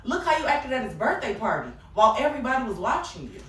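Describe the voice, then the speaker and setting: A woman's voice: on the high side, very animated, fast, a bit bright, reverberant, a little hiss or hum. Blunt, heated woman venting on a livestream. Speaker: livestream host.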